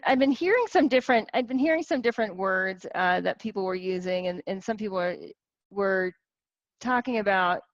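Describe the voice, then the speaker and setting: A woman in her forties giving a casual teaching talk to a group as a wellness coach, animated, with many restarts and rhetorical questions. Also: mid-range voice, no room sound, muffled recording. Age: 40s.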